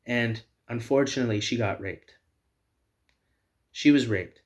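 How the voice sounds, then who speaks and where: A man's voice: medium pitch, a little slow. A man hosting a video, delivering heated, repetitive personal commentary. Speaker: video host.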